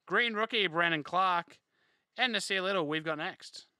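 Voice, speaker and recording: A man's voice: sits high, normal speed, sharp tone, no echo, clean studio sound. A young man hosting a live card break, reading off player names and chatting casually with viewers.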